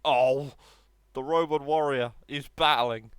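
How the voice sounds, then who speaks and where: A young man commentating on his own football video game match, laughing often and excitable. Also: medium pitch, slow, clean tone, dry recording, studio quality. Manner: giggly, excitable, laughs between lines. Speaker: gaming streamer.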